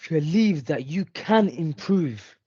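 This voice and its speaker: A young man in his twenties on a video call, slowly repeating phrases after his coach. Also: a little high, animated, warm tone, roomy sound, dull audio. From England. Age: 20s. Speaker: student.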